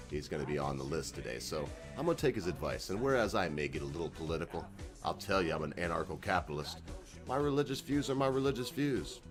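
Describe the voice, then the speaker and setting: A man with a notably deep, low voice hosts his own video channel. He rambles in a folksy, unscripted way and breaks in with chuckling asides. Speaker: channel host. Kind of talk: casual rambling video monologue.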